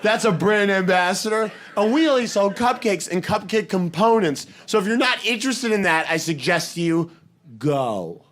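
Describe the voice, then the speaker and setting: A man voicing a smug, condescending male shop manager who speaks calmly and patronizingly. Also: moderate pace. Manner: calm, patronizing, low-voiced.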